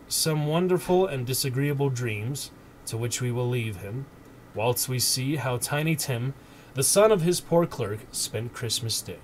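Streamer reading a storybook aloud, mid-pitched man, gentle and expressive, faint hiss behind.

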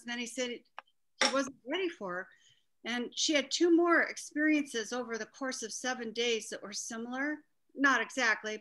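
A middle-aged woman in a church group sharing a personal story, earnest and halting. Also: on the high side, fairly bright tone, rough recording. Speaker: group participant.

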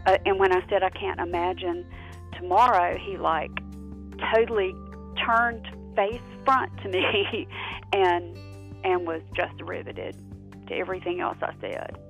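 A middle-aged woman from South Carolina, casually recalling a memory in an animated, halting way. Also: on the low side, vocal fry. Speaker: interviewee. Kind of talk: casual recollection. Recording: phone-quality voice with soft music.

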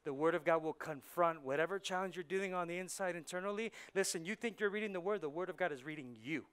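A male pastor preaching a sermon in a church service, swinging between hushed and loud. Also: high voice, fast talker, smooth.

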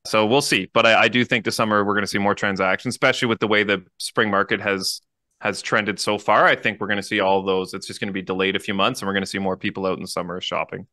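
A quick-talking Canadian man co-hosting a podcast, with a bright, forward tone. He chats casually and laughs at his own stumbles. The recording is dry and close. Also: lowish voice, steady tone, dry recording. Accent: Canadian English. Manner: fast, chatty, jokes and laughs at own slips. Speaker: podcast co-host, realtor. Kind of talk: casual chat, reading news aloud.

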